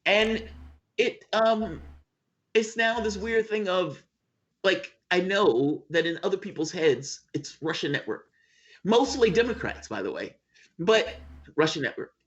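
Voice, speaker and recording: A man's voice: high-pitched, lively intonation, a little slow, fairly bright tone, dull audio. A man as guest in a casual political chat over a video call, emphatic and profane.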